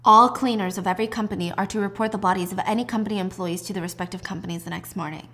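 A woman voicing a ruthless male boss of an assassin firm, talking in cold, clipped threats with her voice pulled low. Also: steady tone, racing, pushed and bright. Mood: menacing.

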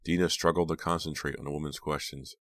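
A man reading an audiobook aloud in a steady, measured way. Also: rumbling low, no room sound. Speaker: audiobook narrator. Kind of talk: scripted audiobook narration.

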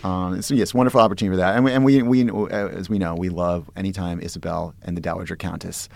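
A man co-hosting a podcast, chatting casually and wryly about a TV drama, with a raspy voice and frequent restarts. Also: low voice, fairly even intonation, quick pace, darkish tone, no echo. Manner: wry, teasing, restarts often. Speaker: podcast co-host. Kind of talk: casual chat recapping a TV drama.

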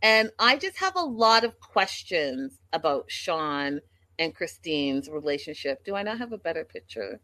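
Speaking at normal speed, a woman with a medium-pitched voice, lively intonation and a fairly bright tone runs a livestream recap with no echo. Her manner is gossipy and chatty, and she speaks straight to the people watching.

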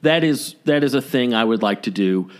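This American podcast co-host speaks at a medium pitch and normal speed with lively intonation. His casual conversation wanders, packed with hesitations, filler words, and false starts.

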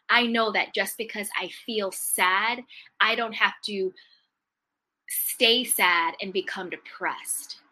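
A woman giving a motivational self-help talk, stressing her points with emphatic, repeated affirmations that swing from loud punches to soft, trailing endings. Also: medium pitch, low-quality recording.

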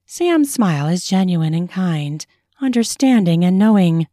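A woman author narrates her own erotic fiction in a measured, sensual reading. Her tone is mellow and warm, recorded dry and close. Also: lowish voice, sing-song, no room sound. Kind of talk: audiobook reading.

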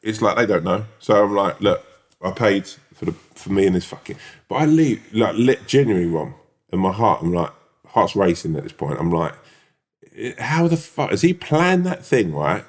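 A young man telling an anecdote in casual podcast chat, animated and sweary, acting out the people he quotes. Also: deep voice, a little fast. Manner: animated storyteller, swears, acts out quoted voices. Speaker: podcast co-host.

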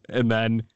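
A man hosting a casual sports talk show, animated and laughing as he recaps a broadcast. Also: medium pitch, smooth, no echo. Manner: animated, laughing, quoting others in lively bursts. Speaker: sports podcast host.

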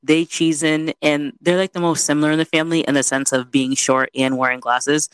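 A young adult woman telling a story in casual chat, animated and chatty, full of "you know". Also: low voice, brisk, clear, resonant tone.

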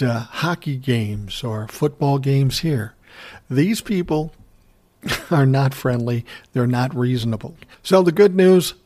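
A man's voice: mid-range voice, a little mellow. A middle-aged man from Minnesota, ranting casually about sports rivals, blunt and profane with frequent chuckles.

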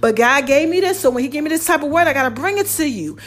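High-voiced woman preaching to her viewers. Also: animated, fast. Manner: affectionate, calls listeners "baby" and "y'all"; preachy, repeats phrases for emphasis. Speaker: host of her own online show. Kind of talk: casual motivational talk to viewers.

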